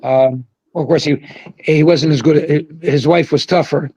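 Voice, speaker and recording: An older man, a former pro bowler, telling rambling, animated stories over a video call and shouting out the quoted lines. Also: on the high side, measured pace, slightly rough, no room sound, lo-fi sound. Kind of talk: casual storytelling on a livestream. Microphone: video call mic.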